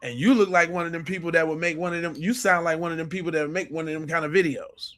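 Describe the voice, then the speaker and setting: A male podcast host reacting to clips in a blunt, cursing way, with a fairly high voice for a man. He restarts his sentences again and again as he makes his point. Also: steady tone, fast talker, a bit bright. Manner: blunt, profane, repeats and restarts phrases. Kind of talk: commentary on played video clips.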